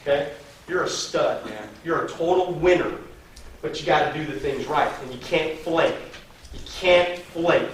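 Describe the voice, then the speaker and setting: A man working as a sales trainer in a meeting room, giving a lively motivational seminar full of slang and call-and-response chants. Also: fairly high pitch, a little slow. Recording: very echoey room from a distance, faint noise.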